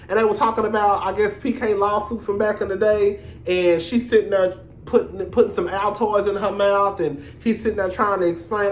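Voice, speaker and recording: A man hosting his own reality TV review vlog, talking in a sassy, animated, profane gossip style with drawn-out emphasis. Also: high voice, echoey room, a little hiss or hum. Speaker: reality TV reviewer, show host. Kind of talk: casual commentary vlog.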